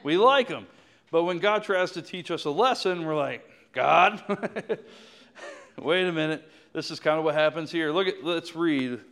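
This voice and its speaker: Animated higher-voiced male preacher. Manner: animated preaching, reads scripture slowly, laughs often. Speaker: pastor. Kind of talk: sermon.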